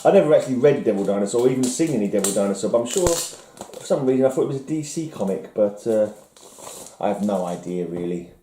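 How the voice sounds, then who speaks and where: Very dark-voiced rambling comic collector man. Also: fairly low pitch, expressive, fast talker, echoey room, a little hiss or hum. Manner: musing, self-mocking, trailing off. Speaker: comic collector showing a haul. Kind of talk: rambling casual vlog.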